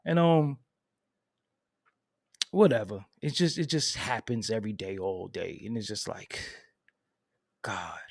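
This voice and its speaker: Dude ranting on his stream, aave, goes from low mumbles to squeaky high, dry close mic. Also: a little slow, gravelly, long pauses, breathy edge, no room sound. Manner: animated venting, swings from low mutters to high outbursts. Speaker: commentary channel host. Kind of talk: casual livestream commentary.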